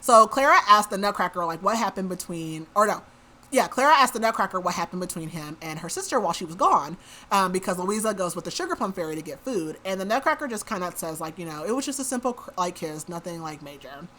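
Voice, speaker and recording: A woman with a bright, forward voice talks through a book's plot on her podcast. Her delivery is loose and conversational, packed with "like" and quick asides. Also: on the low side, expressive. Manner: chatty, says "like" a lot. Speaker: podcast host. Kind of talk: casual book recap.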